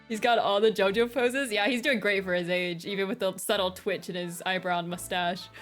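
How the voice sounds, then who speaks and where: A woman's voice: medium pitch, fairly even intonation, a little fast, hardly any pauses, soft background music. A woman chatting casually with giggly asides while streaming a game.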